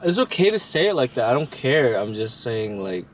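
A man's voice: medium pitch, very animated, moderate pace, slight background noise, rough recording. A man teasing his wife in easy chat inside a car. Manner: teasing, amused. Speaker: husband. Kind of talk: casual chat.

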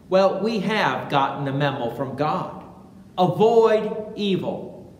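A pastor preaching a sermon in a church, speaking slowly and deliberately and acting out quotations with animation. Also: medium pitch, animated. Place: large church sanctuary. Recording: echoey church hall with long reverb, faint ambience.

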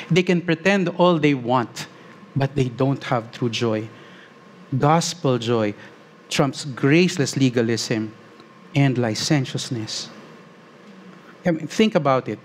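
A man preaching a sermon as pastor, earnest, slowing on key phrases and rising as he reads scripture aloud. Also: fairly high pitch, a little hiss or hum.

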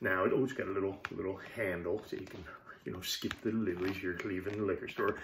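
A man's voice: low-pitched, steady tone, fast talker, background noise. A man, chatting loosely to camera at home in his apartment, joking and swearing as he reviews beer. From Canada. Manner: loose, profane, joking asides. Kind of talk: casual rambling chat to camera.

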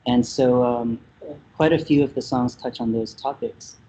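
A man's voice: medium pitch, steady tone, a little slow, mellow, husky. Thoughtful Vietnamese-born man, dull remote audio. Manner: thoughtful, hesitant with many fillers. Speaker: musician guest. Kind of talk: casual interview talk.

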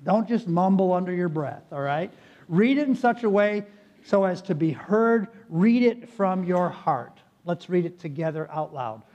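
A man's voice: high voice, measured pace, a little mellow, muffled recording. A man preaching a sermon as pastor, speaking earnestly and appealing directly to his congregation in a church sanctuary.

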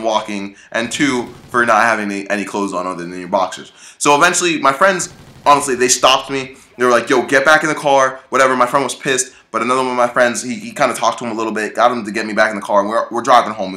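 A man's voice: lowish voice, pushed and bright. A young man from Florida telling a story in a casual, rambling, slangy way, full of restarts. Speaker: vlogger. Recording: echoey room.

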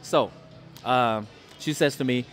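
Soft background music accompanies a man's mid-range, fairly bright voice as he speaks slowly. He's a food and travel vlogger in a sports bar restaurant, casually chatting and wandering through stories on his vlog.

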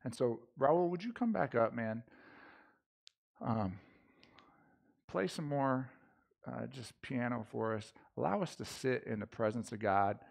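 A man's voice: medium pitch, measured pace, vocal fry, long pauses. A man preaching a casual sermon in church, talking loosely with slang and frequent restarts. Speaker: pastor. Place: church sanctuary.

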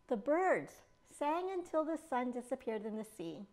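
A woman children's librarian reading a picture book aloud in an expressive storytime manner. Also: high voice, unhurried, few pauses.

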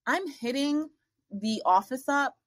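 Young woman, higher voice, animated casual storyteller, dry booth sound. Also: slow, dry recording. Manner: animated, acts out quoted dialogue with big pitch jumps. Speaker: podcast guest.

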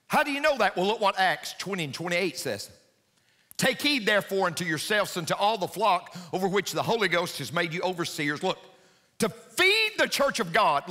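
A man preaching a sermon as pastor in a church, swinging between hushed, low passages and high, intense climbs. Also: long reverb tail. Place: church sanctuary.

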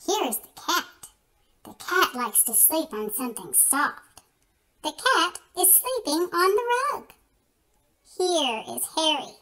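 High, bright, sing-song story reader woman. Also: low-quality recording. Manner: slow, expressive, sing-song. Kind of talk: reading a picture book aloud.

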